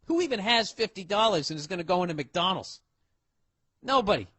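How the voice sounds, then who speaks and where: A man telling a profane story on stage as a stand-up comedian, loud and swearing, acting out the characters he talks about. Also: high voice, expressive, a little fast, breathy edge, dry recording.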